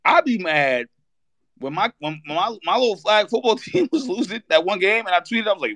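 High-voiced male co-host, heated profane rant, dry close mic. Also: fast talker, no room sound. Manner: animated, profane, shouts in bursts. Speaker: podcast co-host. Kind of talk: heated fan rant on a live audio show.

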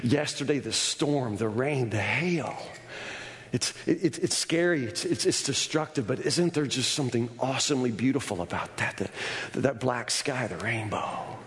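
A male pastor preaching a sermon in a church, stammering through restarts and building to shouts. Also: mid-range voice, normal speed. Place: church sanctuary. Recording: long hall reverb.

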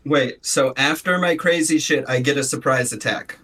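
A man's voice: mid-range voice, normal speed, fairly bright tone. A man playing in a tabletop game, chatting casually in a playful, eager way. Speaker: player.

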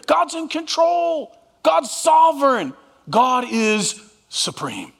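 A man's voice: very high-pitched, a bit bright, big-room sound. A man preaching a sermon as pastor, drawing the congregation into call and response. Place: church sanctuary.

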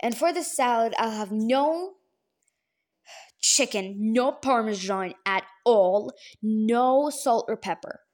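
A woman's voice: a little high, slow pace, a little mellow. A woman voicing a fussy woman who orders food with a long list of exact conditions. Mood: demanding. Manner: precise, demanding, listing conditions.

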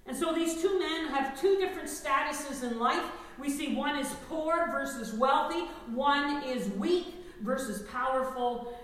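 A woman pastor preaching a lively sermon, engaging her congregation with call-and-response. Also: sits high, unhurried, distant mic. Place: church sanctuary. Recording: echoey hall, mic from afar.

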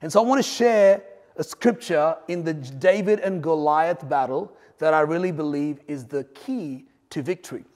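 A man preaching a sermon, swinging between loud emphatic lines and quiet asides. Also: fairly high pitch, normal speed, big-room sound. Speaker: pastor.

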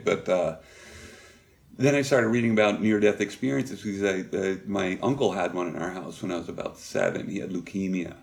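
A middle-aged man telling personal stories as an interview guest, halting and reflective with many pauses. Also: sits low, fairly even intonation, creaky, a little mellow. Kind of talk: candid personal storytelling.

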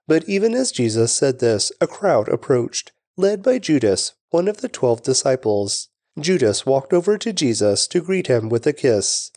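A man giving a steady, reverent scripture reading. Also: medium pitch, normal speed, hardly any pauses, dry recording, studio quality. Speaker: scripture reader.

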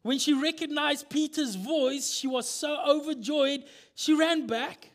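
A male pastor preaching a sermon in an animated storytelling manner, acting out the scenes. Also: extremely high pitch, a little slow.

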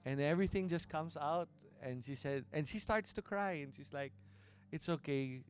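Emphatic Filipino pastor, higher voice. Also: male voice, moderate pace. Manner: switches between English and Tagalog, emphatic preaching. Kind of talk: sermon.

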